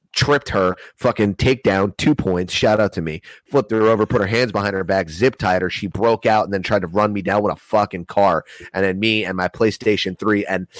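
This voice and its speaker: Guest storyteller: man, low voice, dry close sound, profane, acts out every quote. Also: dry recording. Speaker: podcast guest. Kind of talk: casual storytelling.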